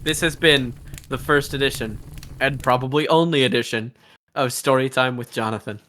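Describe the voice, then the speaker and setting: A man's voice: mid-range voice, moderate pace, sharp tone. Man telling a campfire story. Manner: playful, defends his pun. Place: outdoors by a campfire. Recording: faint background noise.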